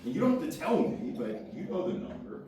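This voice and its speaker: Animated man speaking in an echoey room. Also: a little high, fairly quick, noisy background. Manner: energetic, playful, quizzes the crowd. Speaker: motivational speaker. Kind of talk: lively workshop talk to a live audience. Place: meeting room with a live audience. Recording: very echoey room, far from the mic.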